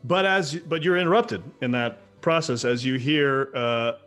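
Relaxed male game master. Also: mid-range voice, normal speed, faint music behind. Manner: relaxed, fond of laughing. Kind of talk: narrating a tabletop game.

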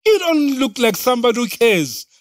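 A woman's voice: a little high, very animated, normal speed, no room sound, studio quality. Scornful inner voice, as a woman preacher puts it on. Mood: taunting. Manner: taunting, dismissive. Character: mocking negative inner voice, scornful.

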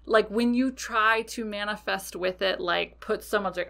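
Bright-voiced woman telling a story. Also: mid-range voice, normal speed, vocal fry, hardly any pauses. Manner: animated, swears freely, frequent fillers. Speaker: podcast host. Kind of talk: casual storytelling monologue.

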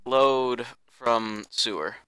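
A man's voice: medium pitch, very slow, heavy background noise. A young man giving casual, jokey commentary while playing a horror game, given to panicky outbursts and repeating himself. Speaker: gameplay YouTuber. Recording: loud game music behind voice. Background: horror game music and sound effects.

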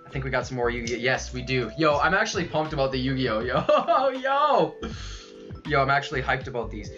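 A young man livestreaming a card unboxing, excitable and loud, saying yo over and over and laughing as he goes. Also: medium pitch, quick pace, dull audio, soft background music. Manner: hyped, keeps saying yo, yells and laughs. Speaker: streamer unboxing trading cards. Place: his room at home.

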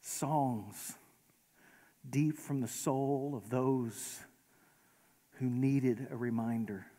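A man preaching a sermon as pastor, conversational and gently humorous, in a large church sanctuary. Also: mid-range voice. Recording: long reverb of a large hall.

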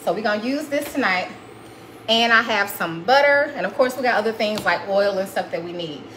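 A woman's voice: medium pitch, a little fast, a bit bright, slight background noise, poor audio. A woman hosting a live cooking demonstration in her kitchen, chatty and folksy, calling viewers honey and y'all. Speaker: cooking show host. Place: home kitchen.

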